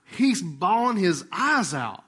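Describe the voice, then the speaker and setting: A male pastor telling a personal story in a sermon, casual and animated. He acts out remembered conversations and drops to a hushed voice for tender moments. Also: high-pitched, slow, husky.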